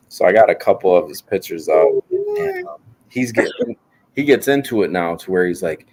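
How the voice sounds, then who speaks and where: Very deep-voiced man, rambling and joking. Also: wildly swooping pitch, normal speed, darkish tone, a little hiss or hum. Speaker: podcast guest. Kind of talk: casual chat.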